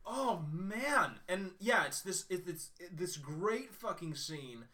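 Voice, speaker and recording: A man co-hosting a podcast, excitedly retelling movie scenes with lots of swearing and restarts. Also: high voice, takes it slowly. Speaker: podcast co-host. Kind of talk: casual movie reaction chat. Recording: voice a bit far from the mic.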